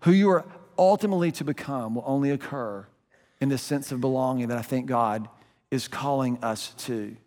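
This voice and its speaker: A man's voice: mid-range voice, normal speed. Male pastor preaching in a reverberant hall. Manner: passionate preaching, swings from soft to emphatic. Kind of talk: sermon. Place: church sanctuary.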